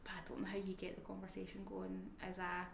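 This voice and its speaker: A woman speaks in a candid interview, reflective and halting, sometimes dropping almost to a whisper. Her pitch stays level and fairly flat. The room around her is echoey, with a faint hiss beneath. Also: creaky. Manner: reflective and halting, often drifting to a near-whisper. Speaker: family carer.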